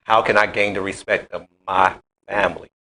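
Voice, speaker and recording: A man's voice: low voice, steady tone, moderate pace, pushed and bright, slight background noise. A man talking in a casual live-stream conversation, emphatic and heated, his voice climbing when he gets worked up.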